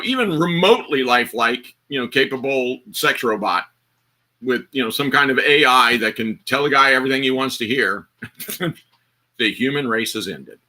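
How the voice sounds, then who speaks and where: A man's voice: medium pitch, sharp tone. A man hosting a livestream panel, telling a long rambling story with restarts, acted quotes and laughter. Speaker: livestream host. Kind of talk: casual panel chat, long rambling anecdote.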